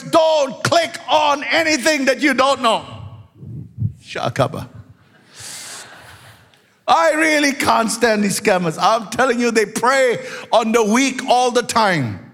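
An animated man pastor preaching a story-filled sermon and rising to shouts at its peaks. His voice sits fairly high for a man. A long reverb from the church hall trails behind every phrase.

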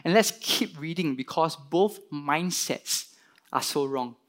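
A man preaching a sermon, retelling a parable and acting out its characters with lively emphasis. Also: fairly high pitch, slow. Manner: animated, voices the parable's characters with rising emphasis. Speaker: pastor.

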